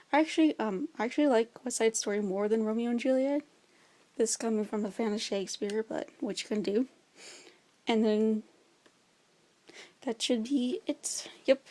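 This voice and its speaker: A woman's voice: mid-range voice, dark tone. A young woman chatting casually about her favorite movies, enthusiastic and full of fillers. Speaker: vlogger.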